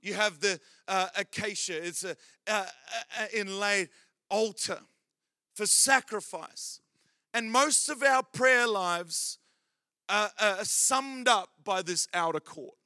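Male preacher, high-pitched and bright, jokey storyteller who builds to loud exhortation. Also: takes it slowly, no room sound, clean studio sound. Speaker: pastor. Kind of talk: sermon.

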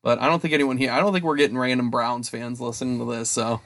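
A man's voice: medium pitch, steady tone, fast talker, a bit bright, no echo. A man, co-hosting a podcast in rambling, casual chat and laughing often. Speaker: podcast co-host.

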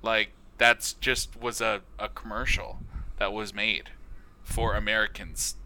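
A man's voice: on the low side, flat delivery, a little slow, pushed and bright, rough recording. A man co-hosting a comedy podcast, riffing in improv chat with stammering restarts and frequent laughs.

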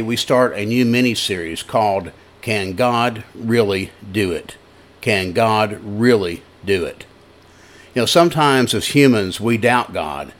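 A male pastor giving a broadcast sermon, with conversational, folksy storytelling and scripture reading. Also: lowish voice.

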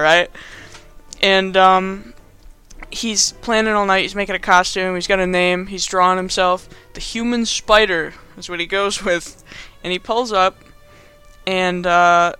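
A man's voice: high voice, a little slow, pushed and bright, smooth, faint music behind. A young man casually recapping a movie as a podcast host, rambling with lots of fillers and frequent laughs.

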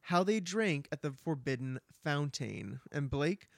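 A man co-hosting a casual podcast, recapping chapters in a relaxed, chatty way and laughing along, on a dry close mic. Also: on the high side, measured pace, creaky, no echo. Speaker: podcast co-host. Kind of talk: casual book recap chat.

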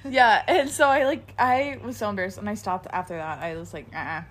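A woman's voice: mid-range voice, animated, brisk, a bit bright, slight background noise. A young woman co-hosting a podcast outdoors, telling stories in a rambling, chatty way full of fillers. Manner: rambling, filler-heavy storytelling. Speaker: podcast co-host. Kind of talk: casual chat. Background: birds chirping.

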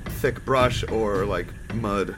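A man running a tabletop game as game master, easygoing and quick to laugh. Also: fairly low pitch. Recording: background music under the voice.

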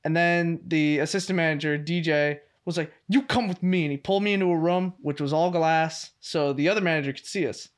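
High-voiced man, animated podcast co-host. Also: brisk, hardly any pauses, clean tone. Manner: animated storyteller, laughs often. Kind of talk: casual chat.

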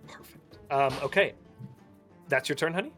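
A man narrating a tabletop game as game master, relaxed and hesitant with many fillers. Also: fairly high pitch, moderate pace, soft background music.

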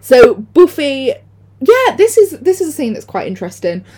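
A woman co-hosting a casual podcast, talking about films and laughing often. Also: normal speed. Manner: animated, laughs often, acts out lines in shrill voices. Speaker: podcast co-host. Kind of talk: casual film chat.

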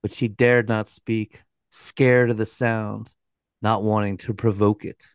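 A man co-hosting a podcast, narrating a scripted story in a measured, dramatic way, with a dry aside. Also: fairly low pitch, little pitch movement, clean tone, no room sound. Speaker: co-host.

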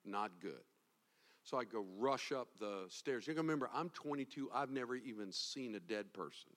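Man, pastor, sermon, personal storytelling, rises to loud impassioned preaching, mid pitch. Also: expressive, moderate pace.

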